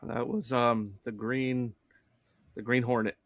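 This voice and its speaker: A man plays in a casual podcast trivia game with a relaxed, unhurried manner, trailing off into fillers as he works out his answers. His voice is mid-pitched and recorded dry and close. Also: no echo. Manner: relaxed, hesitant with fillers when thinking. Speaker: trivia contestant.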